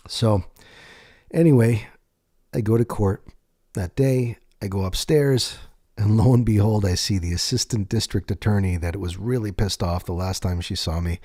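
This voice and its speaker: A man telling his own life story in a candid, profane way, slowing down on emphatic words. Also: on the low side, warm tone, dry recording, clean studio sound. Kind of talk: personal storytelling monologue.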